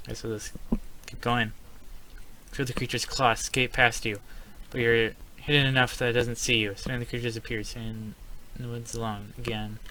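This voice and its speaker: Bright-voiced man reading a text game aloud. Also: medium pitch, little pitch movement, normal speed, a little hiss or hum. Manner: reads story text aloud, then breaks into startled exclamations. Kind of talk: casual let's-play narration.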